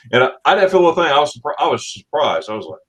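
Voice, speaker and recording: Lively storytelling man from Florida. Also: on the high side, husky. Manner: animated storyteller, acts out quotes with laughs. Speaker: livestream host. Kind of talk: casual livestream chat.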